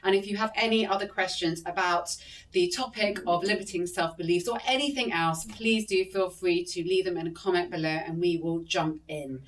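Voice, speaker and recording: A woman hosting an interview, upbeat and quick to laugh. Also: fairly low pitch. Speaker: host. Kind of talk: casual interview. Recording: voice from a distance to the mic.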